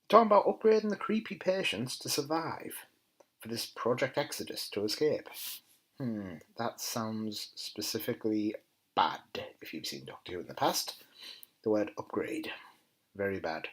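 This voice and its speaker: A man talks through a TV episode in a casual, enthusiastic way. His voice swings up and down a lot and has a faintly husky grain. Now and then he mutters quieter asides. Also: mid-range voice, rough recording. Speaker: TV episode reviewer. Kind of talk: casual spoken review.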